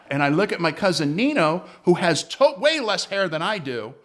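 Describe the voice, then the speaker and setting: A man, a comedian, telling a personal story in an interview with animated, joking delivery. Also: on the high side, normal speed. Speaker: comedian guest.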